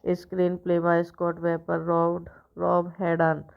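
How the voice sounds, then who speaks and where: Woman reading off movie credits real slow, stumbly, kinda dull lo-fi sound. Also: lowish voice, completely flat delivery, gravelly. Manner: halting, stumbling reading with restarts. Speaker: movie review channel host. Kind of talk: reading out film credits and facts. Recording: dull lo-fi recording.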